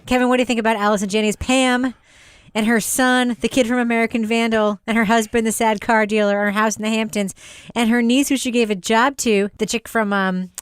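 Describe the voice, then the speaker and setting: A woman's voice: fairly high pitch, steady tone, fairly quick, clean tone, no room sound. A woman hosting a podcast, leading a playful, chatty film review with her co-hosts. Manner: chatty, playful, leads the discussion. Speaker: podcast host. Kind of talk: casual podcast review chat.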